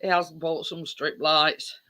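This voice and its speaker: A woman's voice: deep voice, level tone, takes it slowly, pushed and bright. A woman hosting a casual livestream, chatting with viewers in a rambling way with lots of fillers. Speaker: livestream host.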